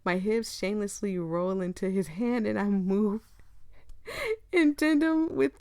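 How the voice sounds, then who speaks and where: A woman's voice: medium pitch, expressive, measured pace, dark tone, no room sound. Young woman gamer with a mid-range voice, reads game text aloud, giggly, dry recording. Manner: giggly, often breaking into laughter. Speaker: gaming video creator. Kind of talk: reading a visual novel aloud with commentary.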